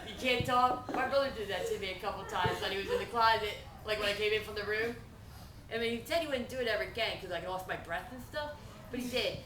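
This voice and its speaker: A woman's voice: mid-range voice, quick pace. A young woman doing stand-up at a fundraiser, rambling through funny stories and laughing as she goes. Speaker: stand-up comedian. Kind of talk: stand-up storytelling. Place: event venue. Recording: echoey room, far from mic, loud noise.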